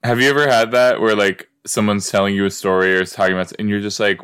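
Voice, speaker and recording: A man's voice: fairly low pitch, steady tone, quick pace, hardly any pauses, fairly bright tone, clean tone. A man hosting a casual watch-along podcast, chatty and full of exclamations, often trailing off mid-thought. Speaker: podcast host reacting to a sitcom.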